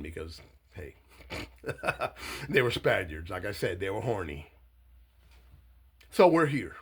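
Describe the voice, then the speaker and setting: A Cuban-born man, a political candidate, giving a profane, blunt political monologue that swings between low asides and shouting. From Cuba.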